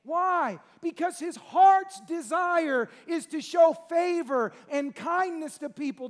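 A man with a strikingly high voice preaches in a drawl. He sweeps from near-whispers up to ringing shouts as he drives home each point. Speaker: pastor. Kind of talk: sermon.

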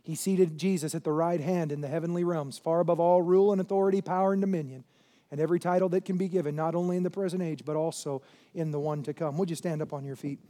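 A male pastor preaching a sermon. He fires rhetorical questions at the congregation and swings from loud shouting to quieter intensity. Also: on the high side, fairly even intonation, quick pace.

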